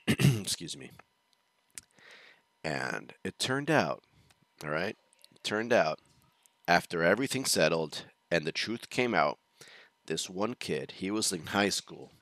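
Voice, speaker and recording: Deep-voiced man telling a rambling story. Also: very animated, slow pace, long pauses, a bit bright, no room sound. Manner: rambling, chuckling, restarts sentences. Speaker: reaction show host. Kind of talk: casual storytelling.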